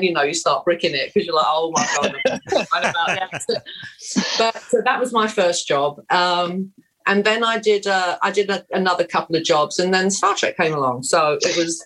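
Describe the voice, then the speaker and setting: An English actress in her fifties, a guest telling stories in a blunt, lively way in a casual interview. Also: on the low side, rough recording. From England.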